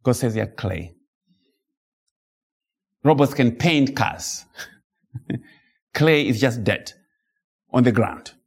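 With a creaky, slightly rough voice, a man delivers an expository sermon full of emphasis and rhetoric. Scripture is read in a slow, dramatic manner, punctuated by abrupt high-pitched outbursts.

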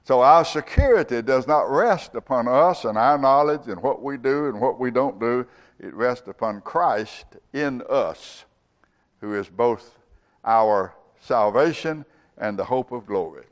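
Male pastor, sermon, slow deliberate delivery, emphatic rises, mid-pitched. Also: lively intonation. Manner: slow, emphatic preaching that rises and swells on key words.

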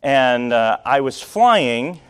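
A man from Rhode Island tells a personal story to a listening crowd, with wry, self-deprecating humor. His voice sits at an ordinary middle pitch, and he keeps the telling lively. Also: slow pace, clear, resonant tone. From Rhode Island, USA. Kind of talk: storytelling to an audience.

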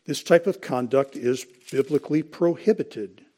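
A man preaching a sermon, explaining scripture and citing verses, calling the congregation folks and clearing his throat now and then. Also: mid-range voice, moderate pace, warm tone.

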